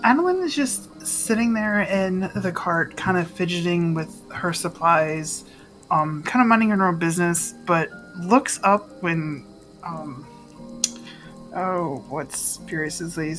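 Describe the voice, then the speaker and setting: A woman playing a tabletop game, calmly describing what her character does. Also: lowish voice, slow pace, faint music behind, poor audio. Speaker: player.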